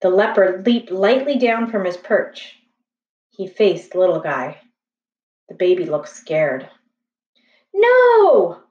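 A woman reading a children's chapter book aloud in a slow, gentle, expressive way. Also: fairly low pitch. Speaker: storybook reader. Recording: echoey room, distant, slightly dull.

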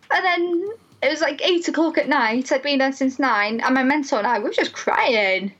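A young woman, a student mental health nurse, telling a personal story in an animated, emotional way, full of "like" fillers. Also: sits high, normal speed, muffled recording.

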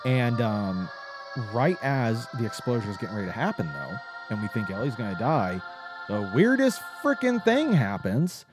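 Animated man recapping a game. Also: normal speed, over music. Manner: animated, jumps in pitch when excited. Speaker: podcast co-host. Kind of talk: casual chat recapping a video game.

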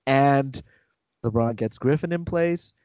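A man co-hosting a casual sports podcast, talking in an animated way and acting out quotes in mock voices. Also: medium pitch, takes it slowly, no echo, lo-fi sound. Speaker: podcast co-host.

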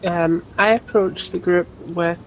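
Woman, tabletop player, lowish voice, cheerful, offhand. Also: steady tone, a little slow, slight background noise, rough recording. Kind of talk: casual tabletop game chat.

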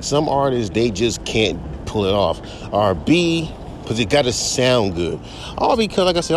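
A man's voice: mid-range voice, noisy background. A young man and rapper hosting a podcast, ranting bluntly with constant swearing and mocking his critics. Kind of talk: profane casual rant. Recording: echoey room with faint music.

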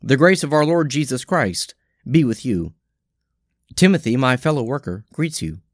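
A man reading daily scripture lessons and prayers in a measured, solemn way. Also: medium pitch, expressive, no echo, studio quality. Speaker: scripture reader.

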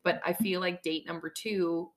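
A woman's voice: fairly low pitch, steady tone, normal speed. A young woman chatting as a podcast guest, blunt and self-deprecating, swearing freely. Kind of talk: casual chat.

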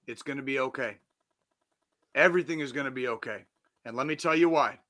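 Blunt, full of profanity, but earnest, this forties-aged man gives a motivational pep talk as the host of a podcast in a casual monologue. His voice is mid-range, fairly quick, bright, and forceful.

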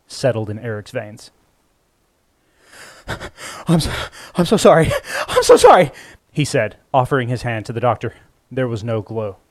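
A man narrating a story in a measured, even storytelling voice. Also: mid-range voice, no echo, clean studio sound. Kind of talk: scripted audiobook narration. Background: faint music score.

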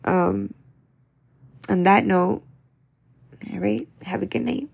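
A woman's voice: medium pitch, big pitch swings, slow, creaky, darkish tone, breathy edge, dull audio. A young woman talking to her viewers as a mother, venting in a casual, rambling, emotional way, full of "like" and "you know.". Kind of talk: casual confessional monologue.

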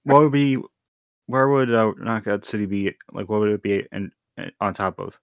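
A man co-hosting a casual gaming podcast who talks in halting, stammering restarts. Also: fairly low pitch, vocal fry, clean tone, no echo. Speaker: podcast co-host.

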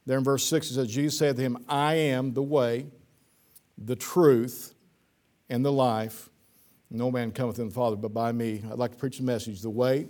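A man's voice: fairly even intonation, moderate pace, darkish tone. A man, a pastor, preaching an evening sermon with emphatic repetition that climbs in intensity. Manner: emphatic, repeats words, builds in pitch and force.

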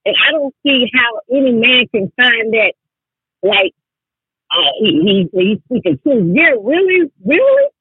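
A woman calling in to a talk show, talking with animated emphasis and often cutting in. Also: fairly high pitch, measured pace, husky, dry recording. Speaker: caller. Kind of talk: call-in show chat. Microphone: phone. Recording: tinny phone line.

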